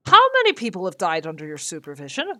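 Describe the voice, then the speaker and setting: A woman's voice: low voice, wildly swooping pitch, fast talker, bright, forceful tone, dry recording, clean studio sound, full character voice. A woman doing a stern ship captain with a shaky accent. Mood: probing. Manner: curt, probing questions in a put-on accent. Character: stern male ship captain interviewing recruits.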